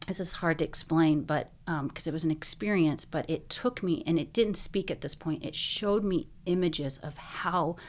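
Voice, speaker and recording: Guesting on a podcast, a woman shares her own story in an earnest, emotional way. Her voice is low for a woman, and fillers like "like" and "you know" crop up constantly.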